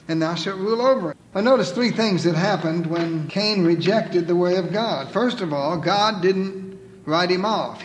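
A male pastor preaching a sermon, reading scripture with emphasis and dropping to a soft, pleading tone at times. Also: high-pitched. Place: church sanctuary. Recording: reverberant church hall.

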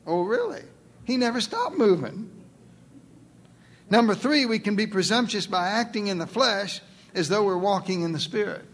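A man's voice: high-pitched, lively intonation, normal speed. A male pastor preaching a sermon in a folksy, playful way, acting out the voices in his quotes.

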